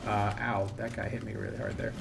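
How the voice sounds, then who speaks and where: A man's voice: on the low side, little pitch movement, fairly quick, vocal fry, noisy background. Rambling young man streaming a game. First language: English. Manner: rambling, self-critical, trailing off. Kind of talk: casual commentary while gaming.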